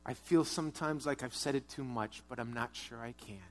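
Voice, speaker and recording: A pastor preaching a sermon, earnest, moving between strong urging and quiet, hushed prayer. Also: male voice, mid-range voice, fairly quick. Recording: long hall reverb.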